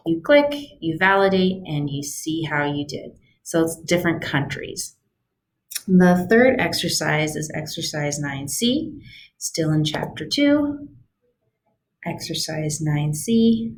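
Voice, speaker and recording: A woman German teacher walking students through homework on a screen recording, chatty and patient, explaining step by step. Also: low voice.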